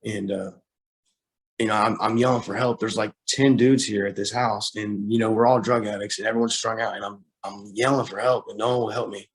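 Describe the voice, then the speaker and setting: A young man, a guest on a talk show, telling a hard personal story, halting with fillers and restarts, close to tears at times. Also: fairly low pitch, fairly even intonation. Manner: halting, with many fillers and repeated starts.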